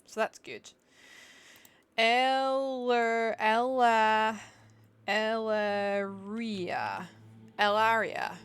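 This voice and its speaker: A woman's voice: on the high side, extremely slow, long pauses, clear, resonant tone. A chatty, giggly woman, musing aloud as she streams herself playing a game. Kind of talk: casual live-stream chat while gaming.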